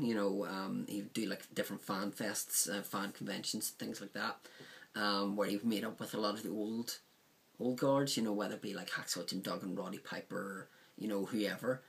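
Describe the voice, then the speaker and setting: A man's voice: fairly low pitch, steady tone, moderate pace, vocal fry. A man casually reviewing a DVD set, rambling with frequent ums and likes.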